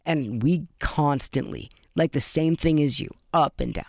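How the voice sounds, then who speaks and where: A man's voice: on the high side, measured pace, gravelly, a little mellow, no echo, clean studio sound. A man hosting a podcast, chatting casually and effusively, swearing often. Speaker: podcast host. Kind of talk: casual interview chat.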